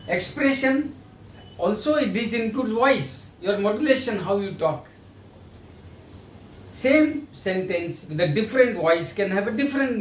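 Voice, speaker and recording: Guy teaching sales, kinda high voice, echoey room, sounds far off the mic. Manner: explanatory, acts out sales dialogues. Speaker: pharma sales trainer. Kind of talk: training lecture. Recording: echoey room, voice from a distance, faint noise.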